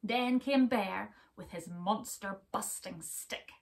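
A woman teacher reading a children's story aloud, expressive, dropping to hushed whispers and asking her young listeners to join in. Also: medium pitch, slow, vocal fry, far from the mic.

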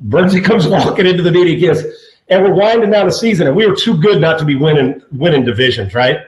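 A man's voice: fairly high pitch, fast talker. A man in his fifties, a former football player, telling stories casually with constant swearing and stammering restarts. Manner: profane, stammering, animated. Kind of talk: casual chat, storytelling. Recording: roomy echo.

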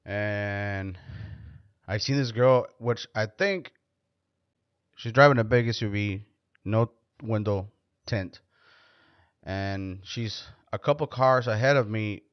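Low-pitched and slow, this podcast host pauses often as he spins profane, meandering stories in casual conversation. The recording is dry, dull, and lo-fi.

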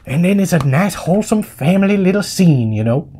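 A man's voice: high-pitched, lively intonation, fairly quick, dark tone, a little hiss or hum. A man giving a casual movie review in rambling, slangy, joking talk. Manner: rambling, slangy, jokey vernacular.

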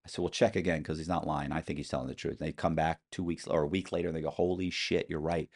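A middle-aged man telling animated stories as a podcast guest, acting out quoted voices with some swearing. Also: a bass voice, racing. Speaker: interview guest. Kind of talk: storytelling in a podcast interview.

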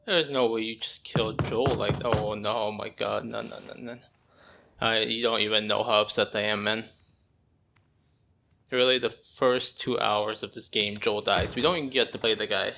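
An exasperated man commenting as he plays a video game, repeating himself in outbursts. Loud game music plays under his voice. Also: lowish voice, steady tone, moderate pace, creaky. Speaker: gaming channel host. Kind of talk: let's play reaction commentary. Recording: game music playing loudly behind the voice.

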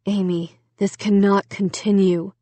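A woman voicing a solemn, worried father speaking gravely and slowly. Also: medium pitch, warm tone, no room sound, lightly acted. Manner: grave, measured.

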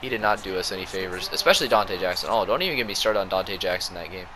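A young man with a sore throat giving slangy, excitable commentary over his own old football video game match. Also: low-pitched, quick pace, crowd noise. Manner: excitable, slangy, jumps between play-by-play and rants. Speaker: gaming YouTuber. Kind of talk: gameplay commentary.

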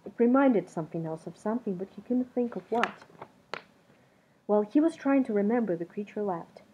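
A woman reading a children's storybook aloud in an expressive, storytelling manner. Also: mid-range voice, a little fast, a little hiss or hum. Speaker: narrator. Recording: dull muffled recording.

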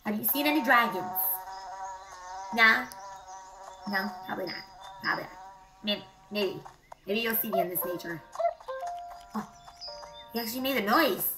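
A woman VTuber chatting casually as she plays, excitable and quick to squeal and gasp at the animals. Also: mid-range voice, music in the background, poor audio. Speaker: VTuber streamer. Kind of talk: casual gameplay commentary.

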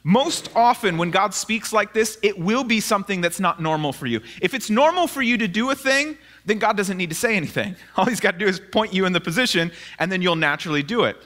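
A male pastor giving a conversational sermon in a church, animated and telling personal stories with asides. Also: high voice, fairly quick, few pauses. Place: church sanctuary, live sermon.

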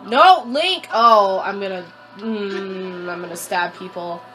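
A young woman hosting a let's play, panicking, squealing and shouting at her game character, repeating words in quick streaks. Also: mid-range voice, fairly even intonation. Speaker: gaming channel host. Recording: faint game music behind.

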